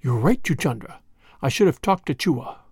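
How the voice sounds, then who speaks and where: A man voicing a brave, proud young male mongoose in a storybook reading, brisk and scornful. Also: sits high, big pitch swings, gravelly, no room sound, studio quality, heavily acted. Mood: bold scornful.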